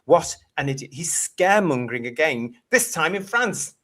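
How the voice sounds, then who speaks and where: A man's voice: fairly high pitch, big pitch swings, moderate pace, a bit bright. A British man hosting a casual live-stream panel chat, blunt and opinionated, with a mocking edge, speaking over a video call. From United Kingdom. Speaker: host.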